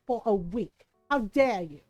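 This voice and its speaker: A woman's voice: mid-range voice, lively intonation, unhurried, a little mellow, dry recording, faint music behind, rough recording. A woman voicing a haughty, vain female ostrich villager in a life-sim game, with imperious, theatrical indignation. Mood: indignant.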